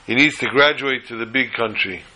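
A man with a bright, forward voice tells a story during a religious talk. His delivery is animated and halting, full of restarts and repeated phrases. His pitch sits in an ordinary middle range. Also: rough recording.

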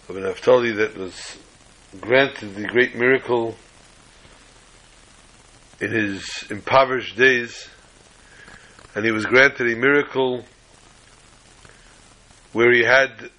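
A bright-toned man, clear and forward in his voice, leads a class over a video call. He tells a story in an unhurried way and drops in corny jokes as he goes. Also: mid-range voice, poor audio. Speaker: rabbi teaching a class.

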